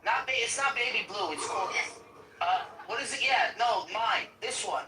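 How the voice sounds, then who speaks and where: A man chatting on a casual podcast, excitable and crude, with frequent loud laughter. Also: sits high, normal speed, noisy background. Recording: echoey, distant mic with music behind.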